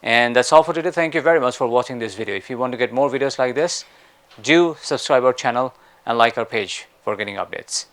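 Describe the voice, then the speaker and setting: A man teaching English pronunciation in a spoken lesson, breaking words into slow syllables and having listeners repeat after him. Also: mid-range voice. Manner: slow syllable-by-syllable drilling, louder on sounds.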